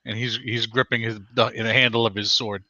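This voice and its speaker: A man's voice: medium pitch, flat delivery, bright, forceful tone, no echo, highs cut off. A man narrating a tabletop game as game master, restarting his sentences often. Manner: narrates in quick stumbling restarts.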